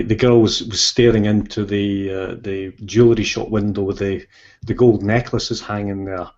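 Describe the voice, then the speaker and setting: Guy guest on an interview, low voice, meandering storytelling, dull lo-fi sound. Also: darkish tone. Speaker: guest, author. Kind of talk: casual interview chat. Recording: lo-fi dull audio.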